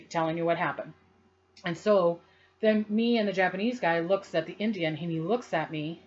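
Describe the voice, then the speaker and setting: A woman psychic casually telling a personal story to the camera, rambling and animated, acting out what others said and laughing often. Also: fairly low pitch, muffled recording.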